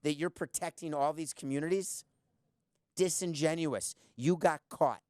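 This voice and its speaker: A man's voice: fairly high pitch, dry recording, studio quality. A man hosting a podcast in blunt, sarcastic solo commentary, firing off rhetorical questions. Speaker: podcast host.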